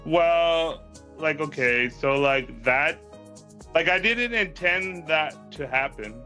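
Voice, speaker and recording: A man with a rather high, very bright voice, telling a story in loose, rambling chat. He fills his sentences with "like", swears casually and breaks into laughs, with faint music playing under him. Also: slow. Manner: rambling, heavy use of "like", laughs often, swears freely.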